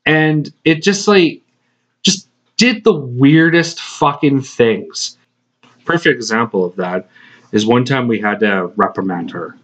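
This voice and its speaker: A man's voice: mid-range voice, takes it slowly, a bit bright. A man hosting a podcast, telling a rambling workplace story in casual chat, swearing often and laughing between phrases. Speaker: podcast host. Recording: slightly dull lo-fi podcast recording.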